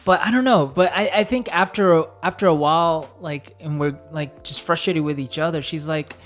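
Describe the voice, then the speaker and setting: A man co-hosting a casual chat with his partner, talking it through with hesitant pauses and fillers. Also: fairly high pitch, soft background music. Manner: hesitant, thinking aloud with many fillers. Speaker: co-host.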